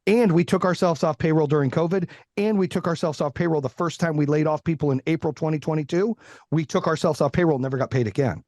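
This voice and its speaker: A man's voice: fairly high pitch, fast talker, dry recording, studio quality. A middle-aged man talking candidly as a podcast guest, blunt and heavy on swearing. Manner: blunt, profane, animated. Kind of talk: candid interview talk.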